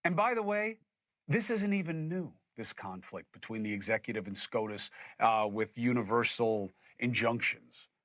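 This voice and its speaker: A man's voice: mid-range voice, lively intonation, moderate pace, fairly bright tone, no echo. A man hosting a political commentary show, arguing his points emphatically and putting things in plain terms. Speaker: host.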